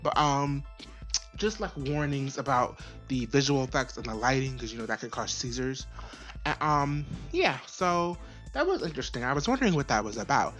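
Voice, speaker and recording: A woman's voice: very deep voice, lively intonation, normal speed, fairly bright tone, soft background music. A young woman casually reviewing an episode, chatty and profane, with many fillers and repeats. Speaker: video reviewer. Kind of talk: casual recap and commentary.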